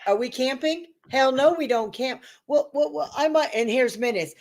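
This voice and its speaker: Woman, stream host, high pitch; profane, animated storyteller who acts out the quotes. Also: brisk. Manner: profane, animated, acts out voices in her stories. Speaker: host of a live talk stream. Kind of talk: casual storytelling chat.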